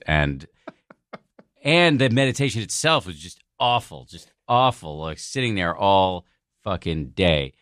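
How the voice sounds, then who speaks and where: A man's voice: sits low, very animated, unhurried, fairly bright tone, dry recording, studio quality. A man guesting on a podcast, telling a personal story in a candid, self-deprecating way with the odd swear word. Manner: frank and profane, self-deprecating.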